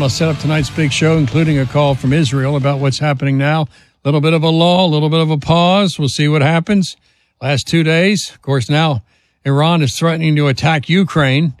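A man's voice: on the high side, no echo. Indignant talk radio host man. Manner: indignant, emphatic, mocking.

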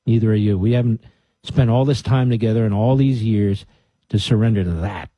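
A man's voice: on the low side, fairly quick, mellow, dry recording. A man hosting a radio talk show, giving an emphatic monologue to his listeners with mocking asides. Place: radio studio.

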